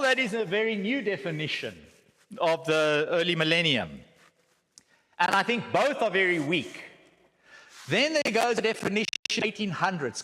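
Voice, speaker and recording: The echo of a church hall surrounds a South African man whose voice sits high and fairly bright. Appearing as a guest speaker, he teaches from slides, cracking jokes and posing rhetorical questions to his listeners.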